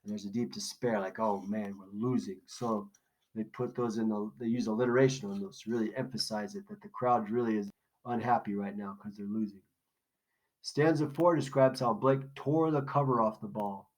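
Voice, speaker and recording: A man's voice: on the low side, fairly even intonation, moderate pace, a little mellow, low-quality recording. Man teaching a poetry lesson. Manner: casual explaining, asks questions and answers them himself. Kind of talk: recorded classroom lesson walkthrough.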